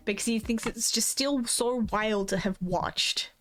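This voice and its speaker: A woman's voice: medium pitch, a little slow, fairly bright tone, soft background music. A young Australian woman streaming a game, chatting casually and rambling, swearing freely and quoting herself and others. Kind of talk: casual chat while gaming.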